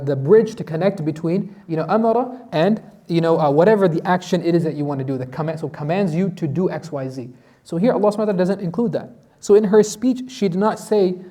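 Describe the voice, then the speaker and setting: Man, imam giving a lesson, high voice, fast talker, quizzes the class, recites verses. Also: dark tone. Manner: asks the class rhetorical questions, recites Arabic verses. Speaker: imam teaching Quran commentary.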